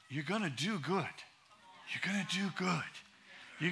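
A middle-aged pastor preaches a sermon in a notably high, bright voice. He drives his points home with emphatic, rhythmic repetition, and his pitch moves in a lively way. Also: unhurried, vocal fry, pauses often.

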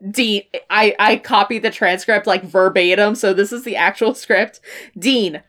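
A young adult woman co-hosting a casual TV recap chat, animated and profane, laughing often. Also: medium pitch, measured pace. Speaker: podcast co-host.

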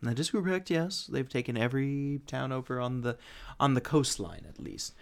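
A man's voice: mid-range voice, expressive, normal speed, creaky. A man voicing a grimy male rat-master who lives in the sewers and hesitates as he speaks. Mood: hesitant.

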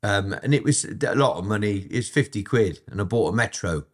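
A man's voice: lowish voice, animated, brisk. A middle-aged man, telling blunt, profane, rambling stories about his past as an interview guest. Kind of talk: casual storytelling, heavy swearing.

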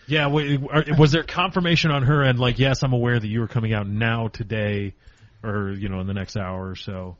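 A man's voice: mid-range voice, fairly even intonation, a little fast, no echo, dull audio. Dry-sounding questioning man. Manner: probing, questioning. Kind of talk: casual chat.

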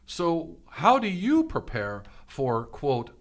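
A man's voice: on the high side, wildly swooping pitch, slow. A man co-hosting a casual chat, asking follow-up questions and using lots of fillers. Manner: probing, asks follow-up questions, uses many fillers. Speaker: podcast co-host.

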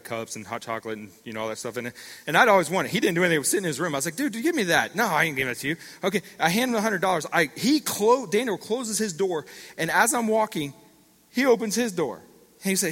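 A middle-aged man preaching a sermon, telling stories with lively swings and calling out to the congregation. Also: a little high. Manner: animated storytelling with call-outs to the congregation. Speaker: pastor. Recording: long reverb of a large hall.

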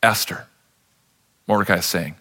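A man's voice: sits low, moderate pace, sharp tone. A man pastor preaching a sermon with impassioned delivery, sometimes acting out the characters in the story.

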